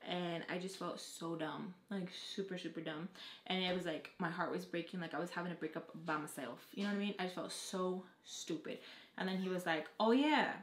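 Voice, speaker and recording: A young adult woman telling a storytime vlog, talking fast and casually, with plenty of "like" and frequent swearing. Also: on the low side, steady tone. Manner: fast casual talk, heavy on "like", swears freely. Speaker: vlogger. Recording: echoey room.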